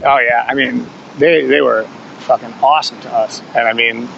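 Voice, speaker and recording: A man's voice: mid-range voice, fairly even intonation, normal speed, creaky, a bit bright. Male punk singer guest, mid-range voice, loose rambling anecdotes, salty language, muffled lo-fi podcast sound. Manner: loose, rambling storytelling with frequent swearing and chuckles. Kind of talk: casual conversational interview. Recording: dull lo-fi podcast audio with faint hum.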